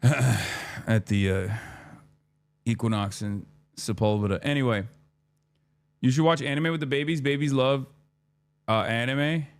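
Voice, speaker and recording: A man in his thirties at a mid pitch tells a story on stream. He rambles and swears, acting out his own lines in a lively, animated way. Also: unhurried, long pauses. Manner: rambling, profane, animated retelling with quoted dialogue. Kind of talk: casual storytime chat.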